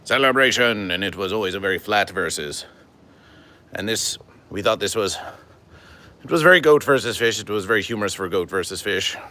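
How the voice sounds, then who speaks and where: Male comic streamer, slow deadpan, stiff formal phrasing, bright edge. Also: low voice. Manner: deadpan, stilted formal phrasing, refers to himself in third person. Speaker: livestream host. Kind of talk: comedic livestream monologue to chat.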